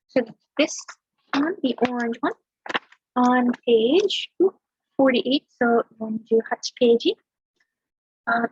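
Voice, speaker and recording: A woman tutoring a language lesson over a screen share in a relaxed, chatty way, talking through examples. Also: high-pitched, slightly rough, dry recording, muffled recording. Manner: relaxed, chatty explaining with fillers and small laughs.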